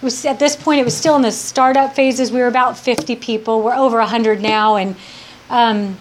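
A woman's voice: on the high side, steady tone, moderate pace, slight background noise. A woman giving a heartfelt personal testimony to a live audience, rambling with many restarts. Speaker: speaker sharing her recovery story.

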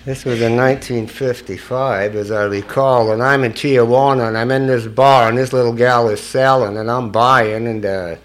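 A Scottish man tells his story to a recovery meeting, cursing freely and laughing at his own misadventures. His voice sits at an ordinary middle pitch. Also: fairly even intonation, normal speed, few pauses. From Scotland. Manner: profane, joking, chuckling at his own stories. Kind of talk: confessional storytelling to an audience.

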